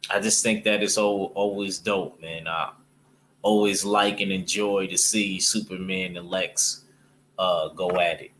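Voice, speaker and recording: A man's voice: low-pitched, steady tone, a little slow, fairly bright tone, a little hiss or hum. A man chatting casually about comic books in a rambling way, with loose slang and lots of fillers. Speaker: comic book vlogger. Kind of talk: casual chat.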